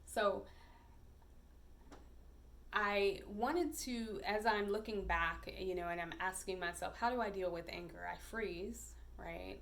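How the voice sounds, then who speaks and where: A woman podcast host telling a personal story in a reflective, hesitant way, with many pauses and fillers. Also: medium pitch, a bit bright.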